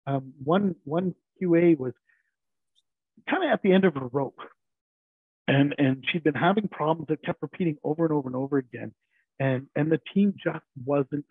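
A man's voice: a little high, gravelly, breathy edge, dry recording. A man, an IT team leader and interview guest, telling workplace stories casually and acting out quoted dialogue with frequent chuckles. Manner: anecdotal, acts out quoted dialogue, chuckles often. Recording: narrowband phone-like remote line, dry.

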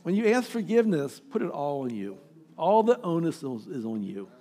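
A man in his sixties, a pastor, preaching an emphatic, exhorting sermon with dramatic pauses. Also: a little high, sing-song, mellow. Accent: American. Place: church sanctuary.

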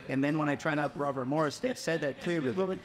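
A young man from the Philippines, a podcast guest telling a personal story in a casual, animated way and acting out the voices of people he quotes. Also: a little high, a little fast.

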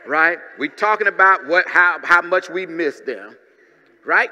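Bright-voiced lively preacher in a reverberant church. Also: male voice, high voice, slow pace, pauses often. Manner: lively preacher with humorous asides and call-and-response. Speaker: pastor. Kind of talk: sermon.

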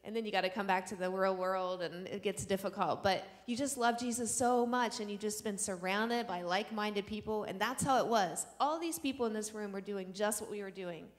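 A woman's voice: mid-range voice, fairly quick, hardly any pauses. Earnest woman telling her church testimony. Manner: earnest storytelling, acting out quoted dialogue. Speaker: missionary sharing a testimony. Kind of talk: personal testimony to a church audience. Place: church sanctuary. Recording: long reverb of a church hall.

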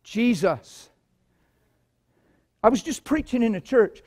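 A man preaching a sermon and telling stories, swinging from low murmurs to loud shouts. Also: expressive, slow. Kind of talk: sermon with testimonies.

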